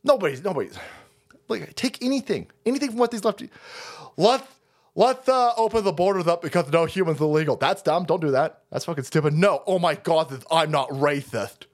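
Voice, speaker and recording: A man ranting on a stream in a high voice that swoops wildly up and down. He swears constantly, laughs at his own jokes and mocks people by mimicking them. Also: lively intonation, a little fast. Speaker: streamer host. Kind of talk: profane ranting commentary stream.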